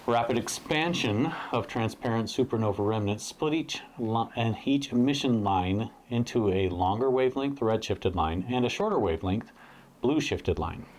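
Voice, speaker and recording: A man's voice: lowish voice, expressive, normal speed, darkish tone, slight background noise. A man co-hosting a lesson, giving brief, laid-back replies and reading principles aloud. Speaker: co-host and image processor.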